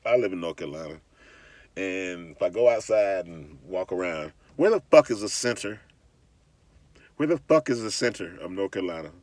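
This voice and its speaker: A man's voice: sits low, animated, moderate pace, a little mellow, no room sound. A man delivering a heated, profane vlog rant, mocking his critics and often restarting or repeating words. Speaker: vlogger. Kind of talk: ranting vlog monologue.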